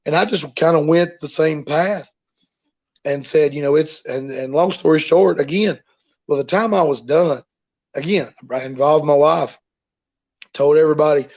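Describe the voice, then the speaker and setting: Male wrestler guest with a slightly high voice and a rambling, folksy delivery; muffled recording. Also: moderate pace, a little mellow. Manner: rambling, repeats himself, folksy. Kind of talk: casual storytelling in an interview.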